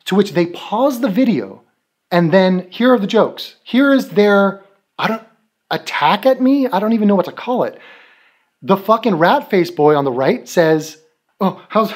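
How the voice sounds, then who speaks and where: A man's voice: high voice, animated, moderate pace. A man giving a profane, sarcastic commentary rant, mocking the people he is answering. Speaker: commentary video creator. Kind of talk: ranting commentary.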